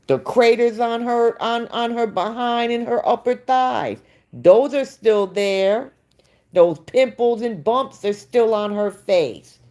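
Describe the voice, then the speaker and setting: A woman's voice: on the high side, mellow. A woman hosting a live stream, gossiping and answering chat comments in a casual, opinionated way. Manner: slow, gossipy, talks back to chat readers. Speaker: livestream host.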